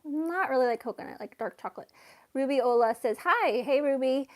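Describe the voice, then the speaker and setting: Soft-spoken woman chatting on a livestream. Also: high voice, lively intonation, fairly quick. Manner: soft-spoken, chatty, baby-talks to her cat. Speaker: livestream host. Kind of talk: casual livestream chat, reading comments.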